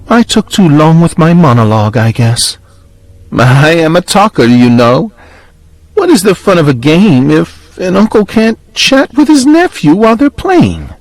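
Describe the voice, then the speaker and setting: A man playing a hushed, creepy intruder uncle. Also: a little high, no room sound, pitched above the performer's own voice, full character voice. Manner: slow, hushed, theatrical villain monologue. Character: softly menacing male intruder uncle, toying with a child. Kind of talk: horror story narration.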